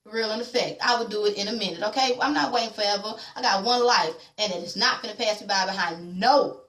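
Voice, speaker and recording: A woman's voice: medium pitch, fast talker, a bit bright. A woman vlogger recapping a TV episode in casual, blunt and opinionated chat with slang. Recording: echoey room.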